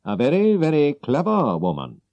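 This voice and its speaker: A man's voice: fairly high pitch, wildly swooping pitch, moderate pace, mellow, pitched above the performer's own voice. A man voicing a cool, reserved detective in a storybook reading, with clipped delivery. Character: cool, reserved middle-aged male detective.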